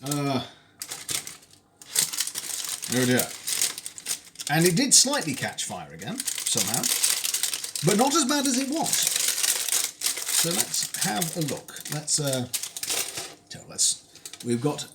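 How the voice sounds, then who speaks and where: A man's voice: a little high, huge pitch swings, slow pace, long pauses, noisy background. A British man chatting wryly while he cooks on a live stream, wandering into tangents and dry asides. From United Kingdom. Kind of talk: casual cooking stream chat. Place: home kitchen.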